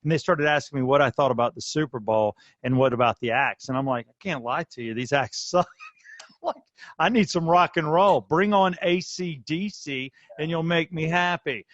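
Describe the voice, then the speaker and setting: Chatty podcast host, dull dry sound. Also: male voice, on the high side, moderate pace, a bit bright, no room sound. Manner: chatty, rambling opinions. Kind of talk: casual chat.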